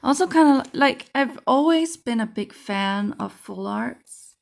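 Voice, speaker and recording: A woman speaks in an unhurried, relaxed way as she sorts through a card pack. Her voice has a noticeable vocal fry. She thinks aloud, trailing off and restarting mid-sentence. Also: high-pitched. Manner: musing, thinking aloud with fillers. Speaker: card game vlogger. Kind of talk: casual unboxing chat.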